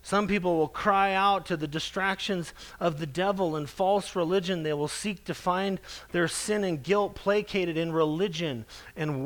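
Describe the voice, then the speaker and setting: High-voiced earnest male preacher. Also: a bit bright. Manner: earnest, emphatic, slows down to stress quoted scripture. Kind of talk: sermon.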